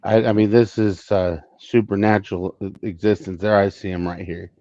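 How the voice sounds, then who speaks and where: A man playing a tabletop game, deliberately planning his moves out loud. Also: fairly low pitch, steady tone, no echo, dull audio. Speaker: player. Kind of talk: casual tabletop game chat.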